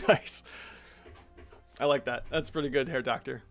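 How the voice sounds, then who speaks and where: A man's voice: mid-range voice, fairly even intonation, fast, dry recording, faint music behind. A man narrating a tabletop monster battle as game master, chatty and thinking aloud as he checks the rules.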